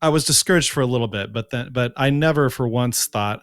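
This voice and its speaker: A man's voice: medium pitch, fast talker, few pauses, no room sound. A man co-hosting a podcast in casual chat, easygoing with dry humor. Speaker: podcast co-host.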